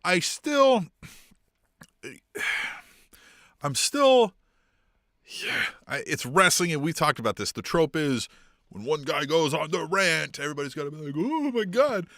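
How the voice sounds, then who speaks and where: A man co-hosts a casual wrestling podcast with a bright, forward voice and a very animated pitch. He laughs easily and swears casually, and the sound is dry and close. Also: measured pace, pauses often, no room sound. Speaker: podcast co-host.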